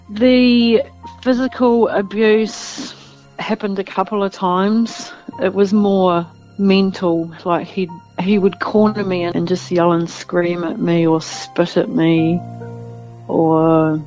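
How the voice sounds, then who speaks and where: Woman recounting in a flat, quiet tone. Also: fairly low pitch. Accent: Australian. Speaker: interviewee. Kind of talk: personal testimony. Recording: dull lo-fi sound with music bed.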